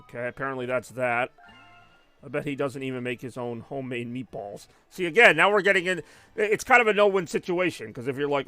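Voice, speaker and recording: A man's voice: mid-range voice, brisk, vocal fry, bright, forceful tone, faint music behind. A young man chatting casually and rambling while he plays a video game on a live stream. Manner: rambling, conversational, many fillers.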